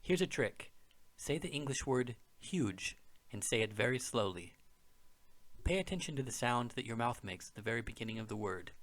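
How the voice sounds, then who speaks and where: A man's voice: mid-range voice, lively intonation, normal speed. A man narrating a beginner language lesson, explaining words patiently and step by step. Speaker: language teacher.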